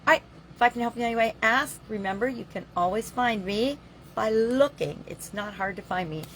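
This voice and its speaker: A woman's voice: a little high, a little fast, slight background noise. A middle-aged woman hosting her daily vlog, talking in a candid, opinionated, chatty way. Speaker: vlog host and coach. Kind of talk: daily solo vlog monologue.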